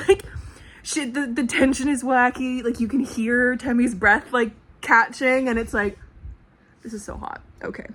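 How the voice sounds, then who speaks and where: A young woman from the Canadian prairies talking in a casual book vlog at home, chatty and excitable with a lot of swearing and "like". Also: a little high. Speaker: book vlogger. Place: home at night. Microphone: small clip-on mic.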